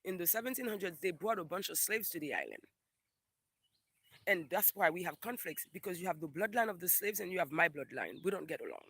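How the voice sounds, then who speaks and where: A man's voice: high-pitched, lively intonation, fairly quick, pushed and bright, slightly rough, no room sound. A man from Haiti hosting a casual livestream, reading viewer comments aloud and ranting in a profane, emphatic way that repeats phrases for emphasis.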